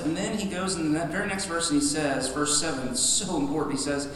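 A man preaches to his congregation in an emphatic, conversational style, circling back and restarting his thoughts as he goes. His slightly high voice is caught from across the room, so it rings with a long church echo, with faint room ambience beneath it. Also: a little hiss or hum. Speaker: pastor. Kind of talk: sermon. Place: church sanctuary. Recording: echoey hall from a distant mic.

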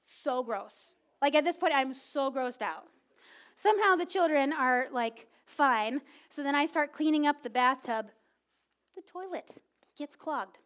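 A woman in her thirties preaching a sermon, telling a personal story in a casual, animated way with many filler words. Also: sits high, a little slow. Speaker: pastor.

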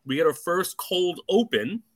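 A man co-hosting a film podcast, chatting casually in an animated, joking way. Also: high-pitched. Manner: animated, joking, quick asides. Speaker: podcast co-host. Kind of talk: casual chat.

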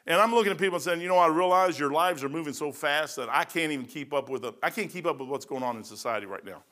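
A man in his sixties preaches in a folksy, rambling manner, often wandering into joking asides. His voice sits somewhat high and has a bright, forceful edge. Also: fast. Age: 60s. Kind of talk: informal sermon.

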